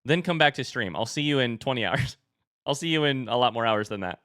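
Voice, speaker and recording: Bright, crisp-voiced male streamer. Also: medium pitch, lively intonation, fairly quick, no room sound, studio quality. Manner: chatty, joking with chat. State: out of breath. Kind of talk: casual live-stream chat.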